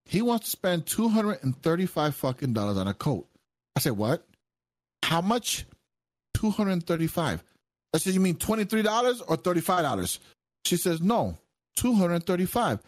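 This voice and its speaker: A man's voice: high-pitched, big pitch swings, moderate pace, dry recording. Emphatic swearing man telling stories. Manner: emphatic, repeats himself, swears heavily. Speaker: stream co-host. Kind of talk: animated profane storytelling.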